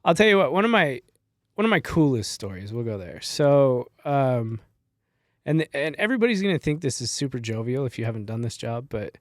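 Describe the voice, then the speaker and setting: A middle-aged man spins casual stories as a podcast guest, loose and profane, with easy laughs. His voice sits at an ordinary pitch, recorded close and dry. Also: very animated, brisk, no room sound. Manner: laid-back, swears freely, laughs while telling stories. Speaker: guest, former wildland firefighter.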